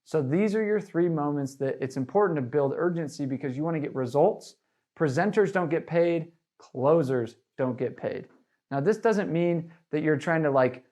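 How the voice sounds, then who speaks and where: A man teaching door-to-door sales in an energetic, casual way, with lots of fillers. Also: fairly high pitch. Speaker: sales trainer. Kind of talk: sales training talk.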